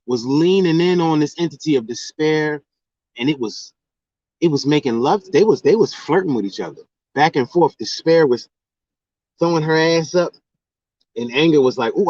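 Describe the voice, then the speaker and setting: A man in casual spiritual chat, animated and preachy, firing off rhetorical questions. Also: on the high side, moderate pace, dry recording, dull audio.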